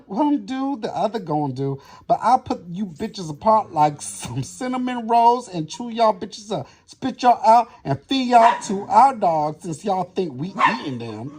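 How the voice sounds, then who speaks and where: A man's voice: sits high, darkish tone. A man in an angry, profanity-filled rant, hurling theatrical threats and insults in a social media video.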